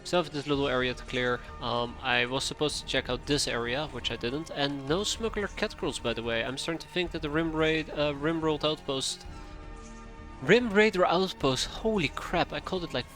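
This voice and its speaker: A man streaming a strategy game live, chatting casually to himself as he plays, with quick asides. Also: mid-range voice, pushed and bright. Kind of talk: casual live gameplay commentary. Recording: faint game music behind.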